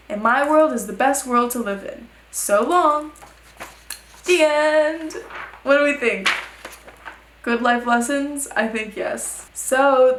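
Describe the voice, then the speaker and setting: Chatty young woman vlogging, echoey room. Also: mid-range voice. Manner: chatty, uses 'like' often. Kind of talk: reading her old screenplay aloud.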